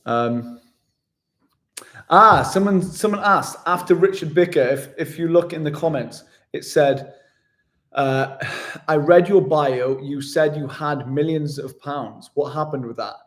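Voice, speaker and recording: A man's voice: a little high, unhurried, fairly bright tone. A man, chatting casually as he answers viewer questions in a vlog, self-deprecating and calling people "mate". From West Yorkshire, England. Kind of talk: casual live Q&A.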